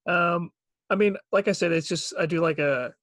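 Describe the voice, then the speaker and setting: A New man chatting as a podcast guest, loose and full of fillers. His voice is a shade higher than most men's. The podcast mic gives a close, dry sound. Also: moderate pace, no echo. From Long Island, New York. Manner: relaxed, rambling, heavy on fillers. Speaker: guest voice actor. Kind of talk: casual podcast chat. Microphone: podcast microphone.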